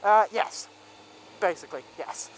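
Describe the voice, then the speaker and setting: A man's voice: high-pitched, measured pace, rough recording. Young guy vlogging outdoors, lots of ums, faint traffic behind. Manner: rambling, with many ums and restarts. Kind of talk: casual storytelling vlog.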